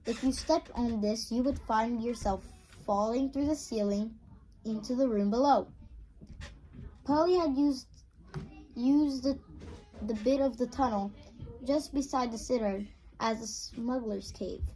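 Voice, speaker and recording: Reader: woman, unhurried, slightly high, stumbles and repeats while reading aloud. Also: warm tone, low-quality recording. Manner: halting, restarts and repeats words.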